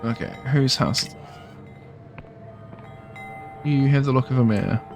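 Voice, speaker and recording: A man's voice: mid-range voice, a little slow, faint music behind. A man giving casual let's play commentary while he plays a game, with offhand, mumbling asides. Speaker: gameplay commentator.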